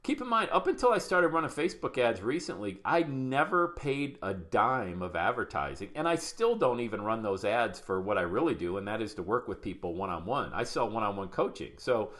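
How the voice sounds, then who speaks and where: Upbeat lower-voiced man coaching live. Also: sing-song, fairly quick, few pauses, a bit bright. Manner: upbeat, greets viewers by name. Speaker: podcast coach. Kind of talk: live-streamed teaching to a group.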